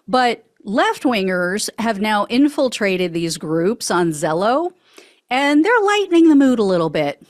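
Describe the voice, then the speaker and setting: Woman, news show host, sarcastic commentary, laughs often, mid pitch, dry close sound. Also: sing-song, a little slow, no room sound. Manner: mocking, laughs often between lines.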